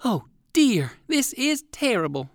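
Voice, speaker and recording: A man voicing a kindly old gentleman rabbit in a storybook reading, talking in a fretful, fussy, old-fashioned way. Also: very high-pitched, very animated, measured pace, creaky, dry recording, clean studio sound, voice pushed up, full character voice. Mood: worried.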